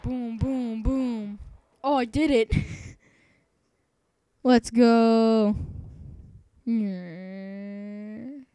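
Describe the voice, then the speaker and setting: A young woman talks through her gameplay with goofy, playful trash talk. Her voice is high and mellow, with the stuffiness of a sore throat and blocked nose. She speaks slowly, close to a dry mic. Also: steady tone, clear, resonant tone, no room sound. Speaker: gaming video host. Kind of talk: casual gameplay commentary.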